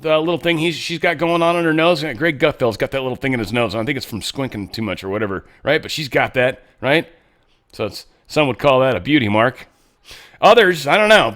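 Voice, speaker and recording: A man's voice: fairly high pitch, fairly bright tone. A man hosting a commentary show, rambling casually about headlines with sarcastic asides. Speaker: show host.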